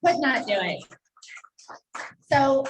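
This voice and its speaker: A woman's voice: sits high, animated, takes it slowly, background noise. A woman making an emotional, chatty fundraising appeal into a handheld microphone at a live event, laughing and tearing up. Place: event hall. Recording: echoey hall, distant mic.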